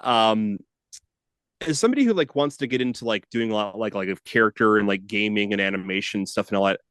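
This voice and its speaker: A man's voice: lowish voice, brisk, a bit bright, no echo, studio quality. A man from Minnesota, a student asking a question on a video call, casual with lots of fillers. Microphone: desk microphone.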